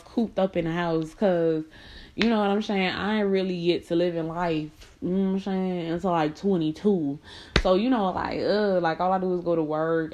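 A young adult woman telling a personal story in a casual, slangy, blunt way, laughing between lines and jumping into high mocking voices when she quotes people. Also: a little mellow.

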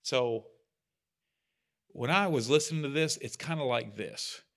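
A man's voice: medium pitch, a little slow, fairly bright tone. A man leading a church study group, talking casually and earnestly, with self-deprecating asides. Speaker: bible study leader. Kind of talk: casual teaching talk.

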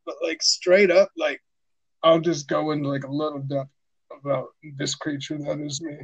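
A man's voice: fairly high pitch, flat delivery, normal speed, breathy edge, no echo. A man in casual podcast talk, rambling loosely with many fillers. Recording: dull, dry call audio.

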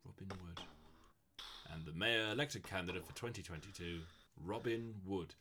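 A young man, co-hosting a casual comedy chat with dry, deadpan quips. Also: sits low, normal speed, noisy background. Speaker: podcast co-host.

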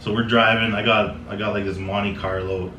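A young man from Canada with a slightly low voice rambles through stories in a loose, profane, chuckling way. He sits away from the mic in a roomy space with steady background noise. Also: moderate pace, highs cut off. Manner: laid-back, swearing, lots of "like" and "man", laughs often. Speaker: guest telling stories. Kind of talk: casual storytelling chat. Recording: echoey room, mic at a distance, noisy.

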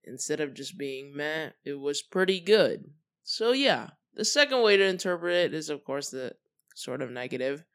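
A young adult hosting a solo podcast, talking casually in a relaxed, chatty way with many fillers and trailing thoughts. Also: medium pitch, normal speed. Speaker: podcast host.

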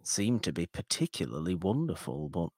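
A man's voice: low-pitched, very animated, normal speed, mellow, no room sound. A man co-hosting a casual film review podcast, joking with dry, playful asides. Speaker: podcast co-host.

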